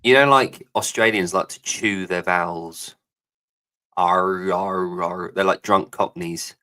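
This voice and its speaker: A man's voice: deep voice, a little slow, sharp tone. A man co-hosting a live podcast, rambling, jokey and swearing freely in casual chat. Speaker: podcast co-host.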